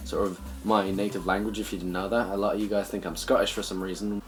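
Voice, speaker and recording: A man's voice: lowish voice, fairly even intonation, fast, few pauses, faint music behind. Rambling young Irish man vlogging. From Ireland. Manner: rambling, peppered with "sort of", swears freely. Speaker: gaming channel host. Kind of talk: casual vlog chat.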